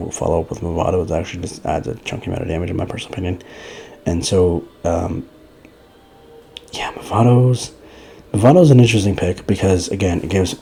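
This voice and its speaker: Man, casual gameplay commentary, deep, faint background hiss, rambling with fillers. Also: gravelly, mellow. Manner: rambling, loose, with many fillers and restarts. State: out of breath. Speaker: gaming guide creator.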